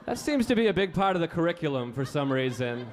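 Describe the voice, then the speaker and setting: A man's voice: fairly high pitch, sing-song, quick pace. A man performing a live stand-up set on a comedy club stage, telling stories casually and often slipping into acted-out quotes. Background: audience laughter and faint room noise.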